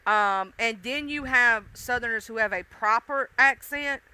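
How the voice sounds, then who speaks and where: Bright, crisp Southern woman chatting. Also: fairly high pitch, measured pace. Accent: Southern US, mixed country and urban. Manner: chatty, folksy, casually profane, talks straight to viewers. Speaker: livestream host. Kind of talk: casual live-stream chat.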